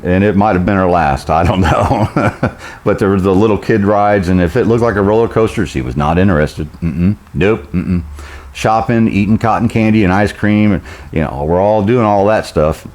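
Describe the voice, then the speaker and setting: Middle-aged man, very low voice, rambling folksy storyteller who chuckles a lot. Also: a little mellow. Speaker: vlogger. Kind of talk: casual storytelling.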